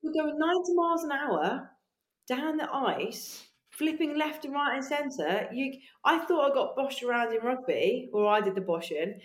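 A woman guest on a podcast, telling animated stories in casual chat, swearing freely and acting out her own voice. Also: high-pitched, normal speed. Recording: echoey room.

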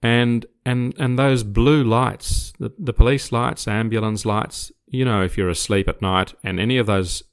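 A man's voice: medium pitch, steady tone, a little slow, few pauses, clear, resonant tone. An older man from Australia, a retired police officer, telling a story in casual conversation, hesitant with repeated words but growing vivid. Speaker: retired police officer recounting his career.

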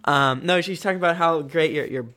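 Male podcast co-host, high bright voice, jokey review-reader. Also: a little fast. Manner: joking, reads reviews aloud in mock voices. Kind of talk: casual banter.

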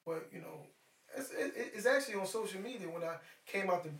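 A middle-aged man, a guest in a casual chat, telling stories in an animated, profane way. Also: high-pitched, fast, far from the mic. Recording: echoey room, off-mic.

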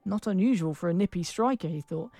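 A woman's voice: fairly low pitch, fast, mellow, no echo. A woman narrating a comic fairy tale playfully and laughing at her own slips. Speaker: storyteller.

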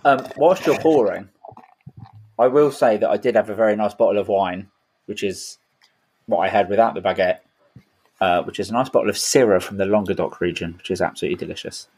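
A man's voice: lowish voice, a little fast, a little mellow, slightly rough. A man co-hosting a podcast, tipsy and ranting with mock outrage in casual chat. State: drunk. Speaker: podcast co-host.

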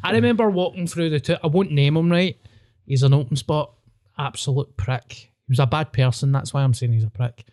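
A Scottish man from Glasgow chats on his podcast, swearing freely as he rambles through anecdotes. His voice is soft and mellow. The recording is dry and close. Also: on the high side, fairly quick, dry recording. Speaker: podcast host. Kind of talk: casual chat.

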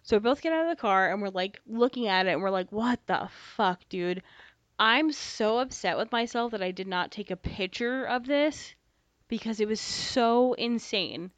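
A young woman co-hosting a podcast, telling a story in casual chat, animated, swearing freely and acting out dialogue. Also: a little high, normal speed, dry recording. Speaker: podcast co-host. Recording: slightly dull dry podcast mic.

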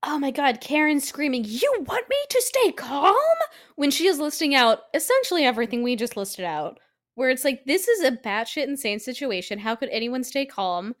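A woman co-hosting a podcast in casual chat, animated and swearing, acting out quotes from scenes. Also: high voice, a little fast. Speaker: podcast co-host.

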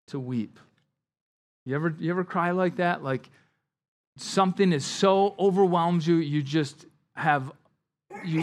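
In a conversational Bible-study sermon, a man pastor keeps tossing in "like" and "right?" asides and repeats his words. He gets quiet and low on somber lines and louder when he wants to stress something.

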